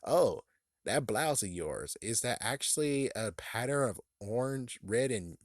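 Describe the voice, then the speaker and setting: A man's voice: medium pitch, lively intonation, a little slow, no room sound. A man voicing an evil male ventriloquist dummy who hurls crude, mocking insults, close and dry.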